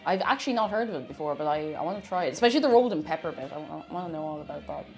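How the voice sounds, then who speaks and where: A woman's voice: low voice, lively intonation, very fast, a little mellow, soft background music. A woman with an Irish accent chatting casually on a live cooking stream, reading out messages from viewers. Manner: chatty, reads out chat, lots of restarts.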